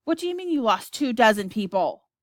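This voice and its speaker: A woman voicing a blustering, excitable male president who shouts and snaps. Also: fairly high pitch, dry recording, studio quality. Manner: loud, shouting, quick-tempered.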